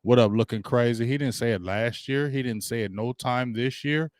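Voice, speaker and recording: A man's voice: mid-range voice, moderate pace, no room sound, clean studio sound. A man hosting a casual sports livestream, hyped and slangy, greeting viewers by name as they join. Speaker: sports talk livestream host.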